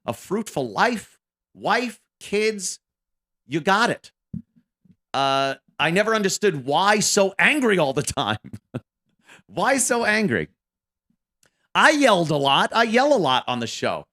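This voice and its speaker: A radio co-host in his fifties gives a casual monologue about his career, full of profane, rambling, self-deprecating asides. His voice sits high with big pitch swings, bright and forceful, and he takes it slowly, pausing often.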